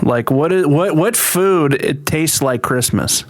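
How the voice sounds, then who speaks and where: A man's voice: a little high, lively intonation, slow pace. A man co-hosting a podcast, chatting casually, joking and swearing easily. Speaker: podcast co-host. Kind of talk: casual chat.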